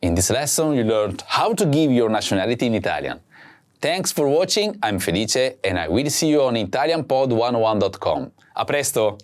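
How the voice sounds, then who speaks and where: A man hosting a language lesson, speaking slowly and clearly and saying each word twice for practice. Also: medium pitch, sing-song. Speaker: language teacher host. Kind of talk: slow scripted lesson with repeat-after-me drills.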